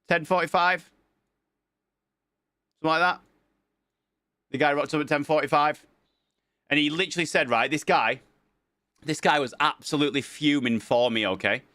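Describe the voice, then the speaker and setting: Man, streamer, animated storytelling, bright forceful voice, dry close sound. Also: medium pitch, no room sound. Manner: animated, acts out quoted dialogue. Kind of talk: casual storytelling.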